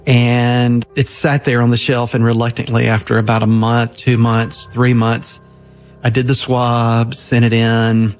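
A man's voice: medium pitch, little pitch movement, a little slow, soft background music. A minister in his fifties tells his adoption story in an earnest, heartfelt way, often restarting his sentences. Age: 50s. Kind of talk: personal storytelling.

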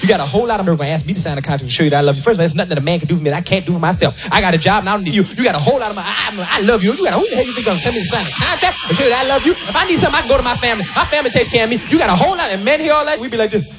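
A man's voice: on the high side, big pitch swings, rapid-fire, few pauses, over music, pitched below the performer's own voice. A man doing a sassy indignant woman. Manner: sassy and defiant, scolding. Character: indignant woman refusing a prenup. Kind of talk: stand-up act-out.

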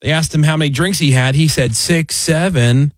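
A middle-aged man hosting a talk show, telling funny news stories in casual banter and leaping up in pitch when he quotes people. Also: quick pace, no room sound. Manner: animated storyteller, jumps high when quoting people. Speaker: radio show host.

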